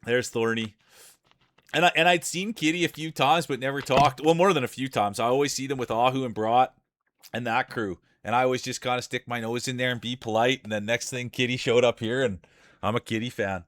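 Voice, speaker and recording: A man with a thick Canadian accent calls marble races on a live stream in a chatty, easygoing play-by-play. His voice is smooth and resonant, at a middle pitch for a man. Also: fairly even intonation, fairly quick, a bit bright. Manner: chatty play-by-play with frequent laughs. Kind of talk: casual live-stream commentary.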